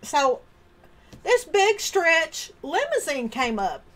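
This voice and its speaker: A high-pitched woman recounts a personal story in a monologue. Her delivery is animated and expressive, and she slips into the voices of the people she remembers. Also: takes it slowly. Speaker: storyteller sharing personal experience.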